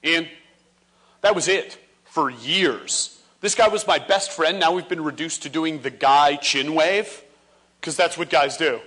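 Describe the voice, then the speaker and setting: A man in his forties giving a comedic speech on stage, animated and acting out scenes for laughs. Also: a little high, a little slow. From Ontario, Canada. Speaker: motivational speaker. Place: stage before a live audience.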